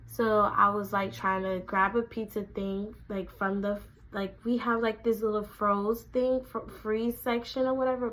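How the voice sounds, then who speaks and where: A young woman, telling a casual storytime, animated and acting out quotes in a raised voice. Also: medium pitch, rough recording. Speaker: vlogger.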